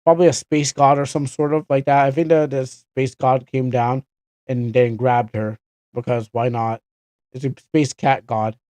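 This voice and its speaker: A man's voice: mid-range voice, little pitch movement, normal speed, darkish tone, dry recording. A young Canadian man chatting casually on a game livestream, rambling and correcting himself with chuckling asides. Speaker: streamer.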